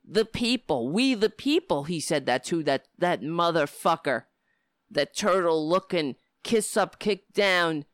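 Middle-aged livestream host, heated profane rant, smooth voice, dry close sound. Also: mid-range voice, a bit bright, no echo. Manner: heated, profane political ranting. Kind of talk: casual livestream talk.

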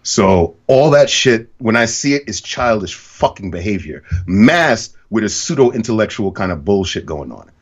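Blunt, profane low-voiced male podcaster. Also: sing-song, normal speed, few pauses, dull audio. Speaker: podcast host. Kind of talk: casual podcast conversation.

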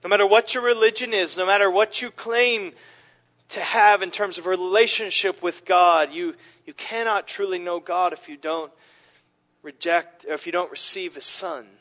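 A man preaching an expository sermon, animated and emphatic, often restarting his sentences. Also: sits high, normal speed. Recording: dull, lo-fi recording.

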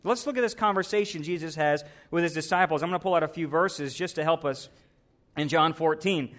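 A man's voice: fairly high pitch, fairly quick, fairly bright tone. A man preaching a conversational sermon, telling the story and asking the congregation for responses.

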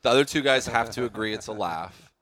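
A man's voice: medium pitch, lively intonation, fast, fairly bright tone. A man hosting a casual comedy podcast, laid-back and giggly as he runs a silly game. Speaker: podcast host. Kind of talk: casual joking chat.

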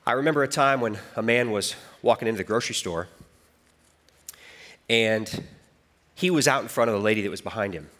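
A man's voice: on the low side, fairly quick, pauses often, a bit bright. A man preaching a sermon as pastor, storytelling with his voice rising and falling for emphasis.

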